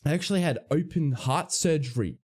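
A man voicing a big, chatty older male customer who used to be an engineer, rambling and drawn-out. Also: fairly high pitch, a little mellow, breathy edge, voice pushed down.

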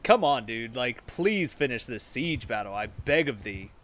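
A man's voice: medium pitch, lively intonation, normal speed, hardly any pauses, fairly bright tone. A man playing a strategy game as a ranger commander, commenting in character in a put-on accent and calling his troops lads. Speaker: gamer roleplaying a ranger commander.

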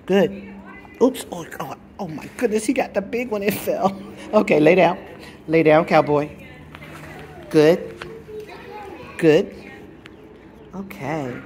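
A woman's voice: low-pitched, mellow. Woman praising her dog in soothing tones. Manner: soothing, praising, firm short commands to a dog. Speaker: dog trainer vlogging a training session. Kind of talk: casual vlog narration and talk to a dog. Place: outdoors by a public pool.

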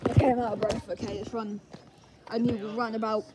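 A woman's voice: fairly high pitch, level tone, fairly quick, heavy background noise. A young woman chatting playfully at a zoo, greeting the animals in a sing-song voice. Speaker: vlogger. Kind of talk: casual chat. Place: outdoor zoo. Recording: outdoor crowd chatter behind.

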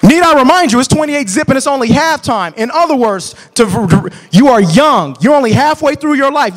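Very high-voiced preaching man. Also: fairly quick, few pauses, a little hiss or hum. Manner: animated, preachy, colloquial, bursts into shouts. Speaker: church marriage class teacher. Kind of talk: preaching to a class. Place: church classroom.

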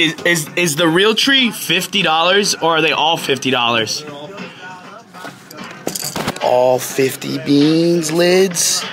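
A young man in a casual, slangy vlog, chatting excitedly while browsing a store. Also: fairly high pitch. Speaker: vlogger. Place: indoor retail store. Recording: store music behind the voice. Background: music playing in the store.

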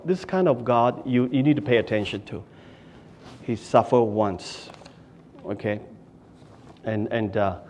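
A man preaching a sermon with passion, swinging from loud exclamations to hushed asides and often repeating words. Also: medium pitch, slight background noise. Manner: repeats words and restarts phrases. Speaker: pastor.

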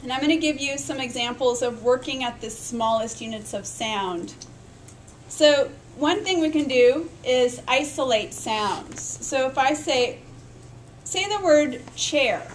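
A woman's voice: high voice, lively intonation, measured pace, slight background noise, poor audio. A woman teaching a recorded lecture on literacy, explaining step by step, sounding out speech sounds aloud and checking in with her listeners. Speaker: literacy education instructor.

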